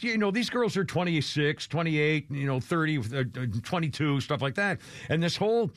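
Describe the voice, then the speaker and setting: A man's voice: a little high, no echo. An older man hosting a radio show, rambling through a self-deprecating chat with chuckling asides.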